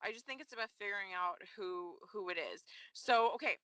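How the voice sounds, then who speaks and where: A young woman co-hosting a casual podcast chat, talking in an animated way, laughing often and acting out what characters say. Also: mid-range voice, fairly quick, dry recording, rough recording. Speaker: podcast co-host. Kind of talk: casual chat recapping a soap opera.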